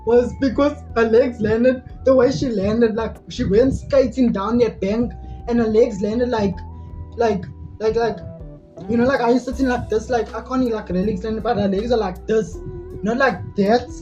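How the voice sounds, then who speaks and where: A woman's voice: on the high side, fairly even intonation, normal speed, dark tone. Chatty woman, lo-fi. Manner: rambling, laughing often, many "like" fillers. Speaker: vlogger. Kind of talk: casual storytime chat. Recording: dull lo-fi with faint music. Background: faint music.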